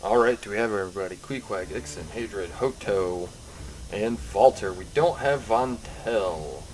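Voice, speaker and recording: A man's voice: lowish voice, moderate pace, a little mellow, slight background noise. A man running a tabletop game as game master, describing scenes and apologizing for tech trouble.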